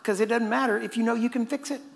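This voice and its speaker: A man's voice: very high-pitched, steady tone, fast talker, vocal fry. A man preaching a sermon as a casual story, now and then laughing at his own asides. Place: church hall. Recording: echoey hall with faint ambience.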